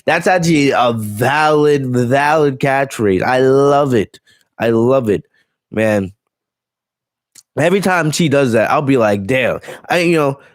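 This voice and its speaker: A man's voice: mid-range voice, no room sound, clean studio sound. A man hosting a casual live stream on wrestling, blunt and profane, ranting and reading viewer comments aloud. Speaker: wrestling show host.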